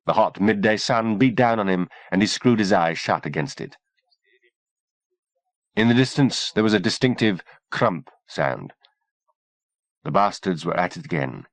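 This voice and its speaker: A man narrating an audiobook in a measured, expressive reading. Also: low-pitched, vocal fry, no room sound.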